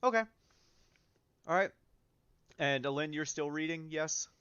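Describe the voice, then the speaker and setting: A man narrating as game master of a tabletop game, relaxed and full of ums and uhs. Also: a little high, unhurried, clear, resonant tone, no room sound. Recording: dull lo-fi mic, dry.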